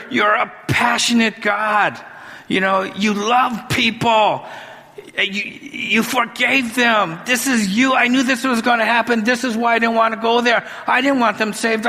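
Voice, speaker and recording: A man's voice: very high-pitched, fairly even intonation, measured pace, sharp tone, voice pushed up, full character voice. A man voicing an indignant, resentful male prophet who complains in exasperated outbursts. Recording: long hall reverb.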